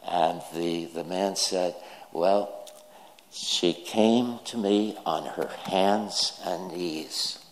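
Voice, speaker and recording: A man's voice: low voice, fairly even intonation, drawn-out words, slight background noise. A man preaching a sermon, telling jokes and stories and acting out the quoted lines. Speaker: pastor. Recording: reverberant hall.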